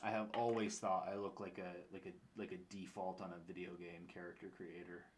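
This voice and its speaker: A man's voice: sits low, level tone, brisk, slight background noise. A young man with an upstate New York accent, chatting casually on a stream and answering his chat in a rambling way. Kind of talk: casual chat while painting miniatures.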